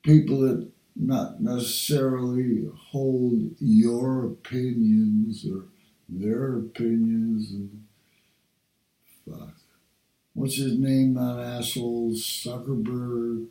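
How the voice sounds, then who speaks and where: An older man from Canada drawls through a rambling, cursing monologue at a very slow pace. He sits well back from the mic, and the room around him rings. His talk drifts and wanders from thought to thought. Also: medium pitch, dark tone. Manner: rambling, profane, drawn-out. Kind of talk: rambling personal video monologue. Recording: roomy sound, distant from the mic.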